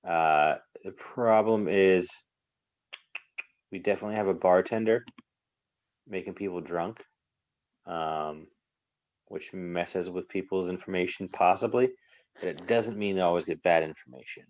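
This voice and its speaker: A man's voice: deep voice, measured pace, pauses often, a little mellow, highs cut off. A man playing a social deduction game over a video call, reasoning aloud through the evidence with frequent fillers. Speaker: player. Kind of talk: casual game talk.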